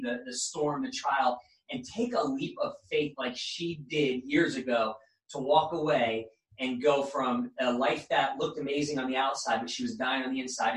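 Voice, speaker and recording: A man's voice: on the high side, fairly bright tone. Fervent male life coach in an echoey room. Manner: fervent, preachy encouragement. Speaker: podcast host, life coach. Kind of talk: motivational speaking. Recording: echoey room, mic at a distance.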